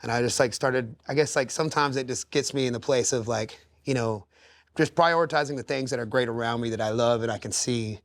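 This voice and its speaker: A man's voice: mid-range voice, a little fast, dry recording, studio quality. Earnest rambling man on a podcast. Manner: earnest, rambling with many restarts and fillers. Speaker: singer, podcast guest. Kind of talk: candid conversational interview. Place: podcast studio.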